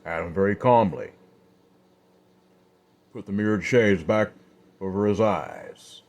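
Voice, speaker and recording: Low-voiced man telling a Western tale. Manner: casual, unscripted with fillers. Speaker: storyteller. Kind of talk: spoken Western story narration.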